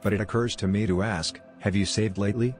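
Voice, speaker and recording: A man putting on a calm, courteous character voice that politely interrupts with a reminder. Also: lowish voice, brisk, soft background music, voice pushed down, lightly acted. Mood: politely reminding.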